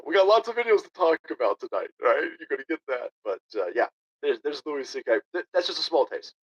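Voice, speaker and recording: A combative man in his thirties rants sarcastically on his livestream, his fairly high voice swinging wildly up and down. The audio is dull and lo-fi. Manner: sarcastic, combative, reads chat aloud. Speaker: political livestream host. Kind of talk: ranting livestream commentary.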